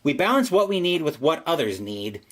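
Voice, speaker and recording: A man voicing a bold young heroine who calmly argues back without fear. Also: a little high, brisk. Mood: defiant.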